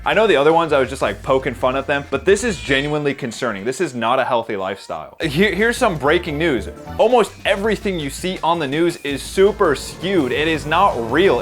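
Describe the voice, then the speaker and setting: A young man hosting a comedic video, ranting in mock anger and swearing, swinging between loud outbursts and quiet muttered asides. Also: mid-range voice.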